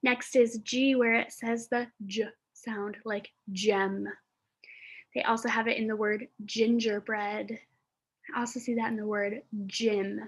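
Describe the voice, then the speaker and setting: A woman's voice: fairly high pitch, little pitch movement, breathy edge. A woman teaching a phonics lesson to young children, sounding out letters and words with careful enunciation and thinking aloud as she goes. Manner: thinks aloud with pauses and fillers.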